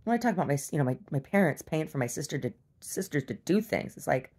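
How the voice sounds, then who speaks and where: Low-pitched woman, casual video diary rant, blunt and profane, mocks people in silly voices. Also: animated, quick pace, darkish tone, slightly rough. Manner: blunt, profane, exasperated venting; mocks others in exaggerated voices. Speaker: video diarist.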